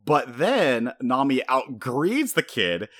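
A man co-hosting a casual podcast, talking fast and animated, laughing often and breaking into high-pitched impressions. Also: dry recording, clean studio sound. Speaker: podcast co-host. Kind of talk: casual chat.

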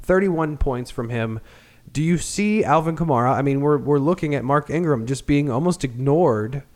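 A man hosting a casual sports podcast, excitable and swearing freely as he talks. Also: a little high, normal speed. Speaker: podcast host.

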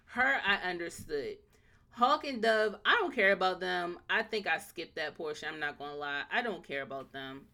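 A woman's voice: lowish voice, expressive, moderate pace, bright, forceful tone. A woman in casual chat reviewing a show, blunt and emphatic, repeating her points.

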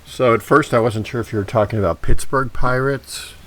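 A man's voice: mid-range voice, brisk, fairly bright tone. A man co-hosting a podcast, telling stories in a hesitant, self-deprecating way with many restarts. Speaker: podcast co-host. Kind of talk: casual chat.

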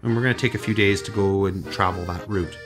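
A Canadian man hosting a podcast, telling a story in a lively, self-deprecating way. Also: low-pitched, quick pace, music in the background. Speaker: podcast host. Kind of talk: casual storytelling chat.

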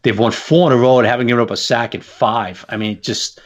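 A man co-hosting a sports podcast in casual chat, laughing often and filling pauses with "uh.". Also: medium pitch, steady tone, dull audio. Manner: laughs often, trails off with fillers. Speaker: podcast co-host.

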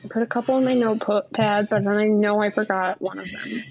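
A woman's voice: mid-range voice, a little fast, a little hiss or hum, rough recording. A woman co-hosting a casual podcast chat, telling stories bluntly and swearing freely. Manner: blunt, swears, animated storytelling. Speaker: podcast co-host.

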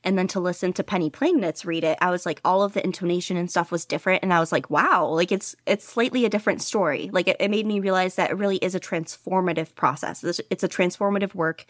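A woman's voice: fairly low pitch, fairly even intonation, fast talker, few pauses, no room sound, clean studio sound. A young woman being interviewed about her hobby, chatting casually in a rambling, enthusiastic way with lots of fillers. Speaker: guest podficcer.

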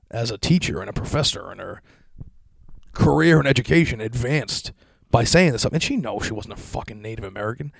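A man's voice: mid-range voice, vocal fry, no room sound, clean studio sound. A young man from Massachusetts, ranting on a podcast in a crude, sarcastic, swear-heavy monologue.

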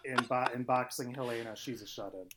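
A man co-hosting a podcast, chatting casually, halting and joking dryly. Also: mid-range voice, fairly even intonation, a crowd in the background. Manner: halting, many fillers and restarts, dry jokes. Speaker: podcast co-host. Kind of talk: casual chat.

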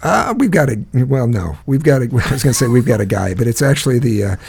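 Gravelly rambling podcast co-host. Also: male voice, medium pitch, lively intonation, quick pace, darkish tone. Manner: rambling storyteller, many restarts, laughs often. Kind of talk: casual chat.

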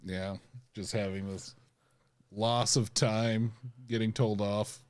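Low-voiced man, dry close sound. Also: little pitch movement, slow, clear, resonant tone, no room sound. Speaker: podcast co-host. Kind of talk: casual chat reviewing a TV episode.

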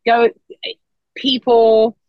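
A woman chats casually on a podcast and tells her stories with energy, jumping up into a high voice whenever she quotes someone. The recording is dry and a little dull, with no room sound. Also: extremely slow, dry recording. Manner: animated storyteller, acts out quotes in a high voice.

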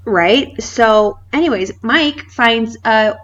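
A woman in her thirties co-hosting a podcast, telling a funny story in casual chat, animated and laughing often. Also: on the high side, slow pace, highs cut off. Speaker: podcast co-host.

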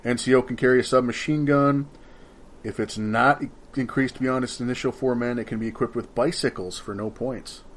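A man's voice: medium pitch, steady tone, fairly quick, a little hiss or hum. A man co-hosting a casual tabletop wargame chat, reading unit rules aloud with jokes and swearing. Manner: jokey, swears, stumbles over foreign words. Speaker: podcast co-host.

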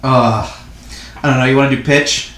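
A man's voice: medium pitch, fairly even intonation, moderate pace, a bit bright. A man co-hosting a podcast, telling loose, profane stories and laughing at his own jokes. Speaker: podcast co-host. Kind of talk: casual podcast banter. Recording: echoey room with faint noise.

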